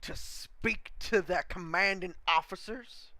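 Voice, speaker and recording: A man voicing a gruff male commanding officer who chews tobacco and talks down slowly and scornfully. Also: high voice, pushed and bright, full character voice. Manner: slow, condescending, keeps calling the listener boy.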